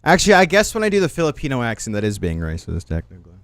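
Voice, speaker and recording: Hosting a livestream, a man rants and jokes in a casual, profane, animated way, rambling through his stream commentary. His medium-pitched voice moves very fast, captured in a clean, dry studio recording.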